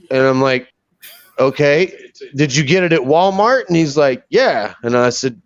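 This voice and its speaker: A man's voice: on the high side, moderate pace, dry recording. Host guy spinning a bar story, cursing a lot, dry muffled sound. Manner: profane, animated storyteller. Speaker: podcast host. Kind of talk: casual storytelling chat.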